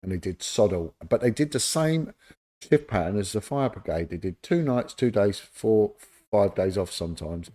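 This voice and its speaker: A man's voice: lowish voice, normal speed. Middle-aged man telling stories. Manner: animated anecdote-telling, acts out quoted dialogue. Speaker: interview guest, former police officer. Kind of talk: casual storytelling.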